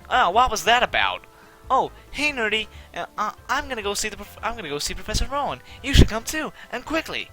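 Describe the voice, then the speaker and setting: Cast: man playing a brash young game rival, pitched up, bright and pushy. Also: soft background music, heavily acted. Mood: impatient. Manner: pushy, rushed, excitable. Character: brash impatient young male rival trainer.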